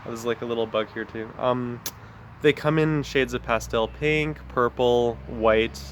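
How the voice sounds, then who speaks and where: Speaking at a measured pace in a mid-range voice, a man vlogs casually from his backyard garden about plants. He rambles, uses lots of fillers and adds friendly asides, with a little hiss or hum in the background.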